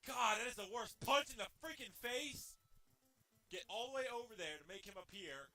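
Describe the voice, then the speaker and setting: A man commentating a video game, his voice cracking, muttering to himself and then yelling in frustration. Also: very high-pitched, lively intonation, moderate pace. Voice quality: voice keeps cracking. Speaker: gamer. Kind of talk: let's play commentary.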